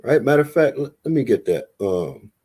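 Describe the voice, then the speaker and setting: A man hosting a live Bible study call, talking in a casual, animated, preacherly way. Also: medium pitch, brisk, husky. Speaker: host of an online Bible study talk.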